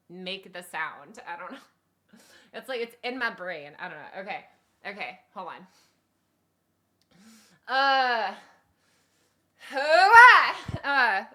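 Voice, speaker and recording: Giggly, bright-voiced woman streamer. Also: mid-range voice. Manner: giggly, self-conscious, rambling with many fillers. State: strained voice. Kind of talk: casual live-stream chat.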